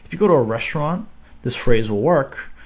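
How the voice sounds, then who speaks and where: A young man giving a casual, upbeat video lesson, slowing down to spell out words. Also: mid-range voice, lively intonation, a little mellow. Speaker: language teacher.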